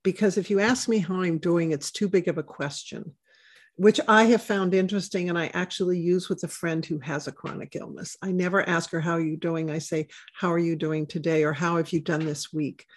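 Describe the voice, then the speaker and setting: A woman hosting an interview, gentle and thoughtful, asking follow-up questions. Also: on the low side, a little fast, breathy edge. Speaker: host, interviewer. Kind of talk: conversational interview.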